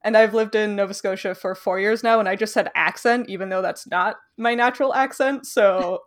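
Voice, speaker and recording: A woman's voice: mid-range voice, brisk. A young woman from Canada in casual chat, chatty, explaining at length and laughing often.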